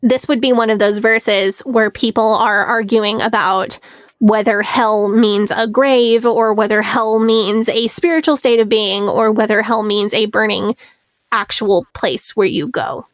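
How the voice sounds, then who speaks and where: A woman with a slightly high voice co-hosts a podcast in loose, chatty conversation. She laughs easily and acts out quoted lines as she retells scenes. The recording is dry and close to the mic. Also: steady tone, a little slow, no room sound. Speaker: podcast co-host. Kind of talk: casual podcast chat.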